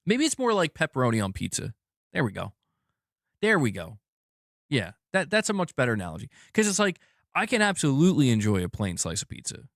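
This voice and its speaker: A man's voice: mid-range voice, no room sound. Male streamer, rambling casual chat, self-correcting, dry close sound. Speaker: streamer host.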